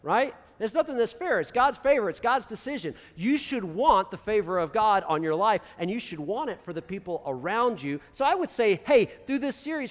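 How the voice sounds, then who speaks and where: A man preaching a casual sermon as pastor, talking very fast and tagging his points with "right?". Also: high-pitched, lively intonation. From United States. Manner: talks very fast, crams ideas together. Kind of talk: conversational sermon. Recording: long reverb of a large hall.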